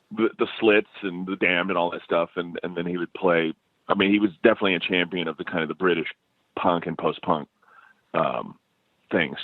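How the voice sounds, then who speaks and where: A man's voice: sits low, no echo. A man telling stories as a musician guest in a casual interview, laughing often and restarting his sentences. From United States. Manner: animated storyteller, laughs often, many restarts. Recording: tinny phone line.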